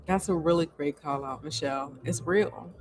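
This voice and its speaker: A woman's voice: sits low, normal speed, darkish tone, faint music behind. A woman hosting a casual live chat and answering viewer comments in an earnest, coaching way, with bits of self-reflection.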